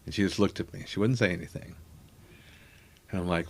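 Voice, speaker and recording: A man's voice: low voice, a little fast. A middle-aged man telling rambling, self-deprecating family anecdotes in a casual chat, acting out the people he quotes. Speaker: comedian guest.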